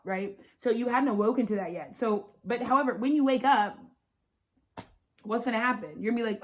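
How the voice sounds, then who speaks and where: Rapid, profane young woman vlogger. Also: medium pitch, a little mellow. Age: 20s. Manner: rapid, profane, emphatic and repetitive. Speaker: astrologer and spiritual channeler. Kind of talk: unscripted vlog monologue.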